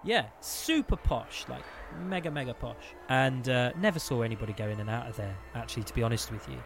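Lively man telling a story. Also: mid-range voice, fairly quick, gravelly, slight background noise. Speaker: podcast co-host. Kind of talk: animated anecdote telling. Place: podcast studio.

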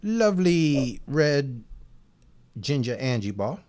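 A man co-hosting a podcast in casual chat, teasing his partner and drawing out name shout-outs. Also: mid-range voice, big pitch swings, slow. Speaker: podcast co-host.

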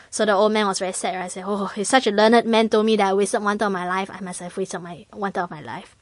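This woman is a guest in a casual chat, speaking quickly at medium pitch with no echo. Animated and quick to laugh, she performs different voices as she tells her story.

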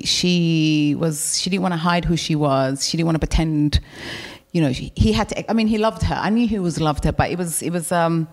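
A middle-aged woman guest speaking candidly on a live stage, telling stories in a frank, animated way and swearing freely. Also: lowish voice. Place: live venue with audience.

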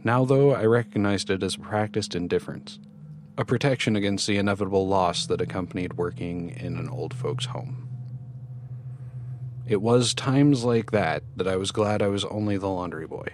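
A man reading a first-person horror story in measured scripted narration. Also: lowish voice, a little mellow, a little hiss or hum.

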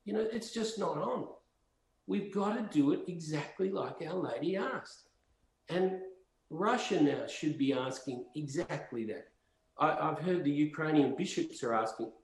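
A man's voice: fairly high pitch, animated, unhurried, a little mellow. Impassioned man telling stories in an echoey room. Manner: rambling, impassioned storyteller. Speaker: podcast guest. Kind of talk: storytelling conversation. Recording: roomy echo.

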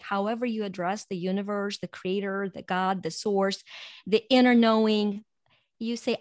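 A woman talks earnestly in a reflective, motivational way, her voice sitting at a middle pitch. She sinks soft and slow when she guides breathing and laughs lightly between points. The sound is dry and close. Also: steady tone, no room sound. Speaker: guest.

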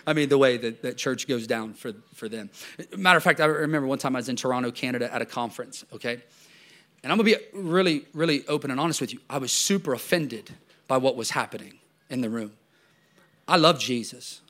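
A male pastor preaching in a loose, talky way, his voice sitting a little high for a man. He jumps from loud emphatic bursts down to near-whispered asides. He stumbles and repeats words as he goes. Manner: conversational, animated preaching with swings from loud to hushed; frequent restarts and repeated words. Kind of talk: sermon.

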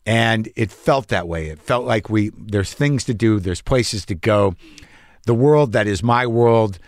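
A man's voice: lowish voice, unhurried, no room sound. A man who is a comedian, telling a rambling, profane, anxious story as host of his own show. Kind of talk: storytelling monologue.

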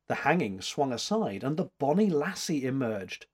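A man narrating a novel in a measured, expressive storytelling style. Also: mid-range voice, slightly rough. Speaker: audiobook narrator. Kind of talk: scripted narration.

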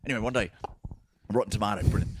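Man, casual storytelling, animated, middle pitch, dry close sound. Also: quick pace, breathy edge, no room sound. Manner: animated, loose anecdotes with sound effects. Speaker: podcast guest.

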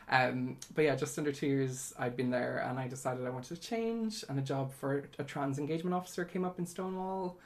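A woman's voice: extremely low pitch, darkish tone. Chatty young Irish woman. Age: 20s. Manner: chatty, candid, many fillers. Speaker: interview guest. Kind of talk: casual interview.

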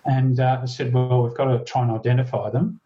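A man, a former police officer, earnestly recounting a story in an interview, halting and restarting as he goes. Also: mid-range voice, flat delivery. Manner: earnest, halting, with many restarts and quoted dialogue. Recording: dull lo-fi recording.

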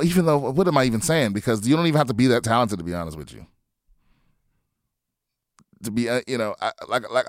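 A man's voice: a little high, a bit bright, dry recording, studio quality. A man hosting a comedy podcast, chatting casually and answering listener questions in a blunt, profane way, stumbling over his words and restarting often.

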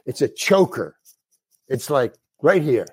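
An older man, a guest actor, telling an animated story and swearing freely as he acts out the other people in it. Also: mid-range voice, slow, breathy edge, no echo. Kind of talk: anecdotal storytelling.

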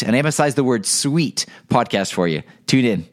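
A man's voice: medium pitch, expressive, moderate pace, few pauses. A man hosting a daily flash briefing podcast, talking casually and upbeat, with fillers and restarts. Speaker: podcast host.

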